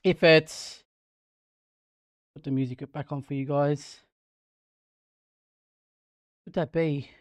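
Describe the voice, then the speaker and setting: An Australian man chatting on a live stream while sim racing, thinking out loud and getting excited. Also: fairly high pitch, slow, pauses often, no room sound, clean studio sound. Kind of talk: live-stream gaming chat. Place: home sim racing rig.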